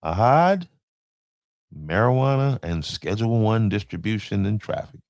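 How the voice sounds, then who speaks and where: A man's voice: fairly low pitch, expressive, moderate pace, a little mellow, no echo. A man hosting a podcast, talking loosely in slang and stumbling over names as he runs through a list. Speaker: podcast host. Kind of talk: casual commentary.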